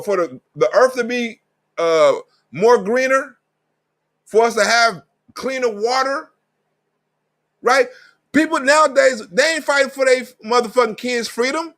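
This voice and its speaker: A man's voice: very high voice, unhurried, pauses often, a bit bright. A man hosting a live stream, delivering an emphatic, profane monologue in street slang. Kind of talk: ranting monologue.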